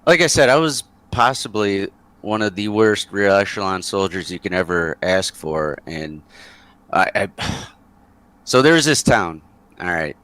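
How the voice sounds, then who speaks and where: A man's voice: low-pitched, expressive, a little slow, fairly bright tone, dry recording. A man, a former soldier, tells a rambling war story in a casual interview over a voice call, with many fillers and chuckles.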